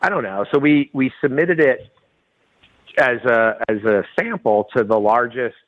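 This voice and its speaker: Middle-aged male guest, chatty anecdote-teller with frequent laughs, ordinary pitch, dull call-in audio. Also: expressive, unhurried. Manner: laughs often, acts out quoted dialogue. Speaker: guest, winery and rum company owner. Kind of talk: casual storytelling interview.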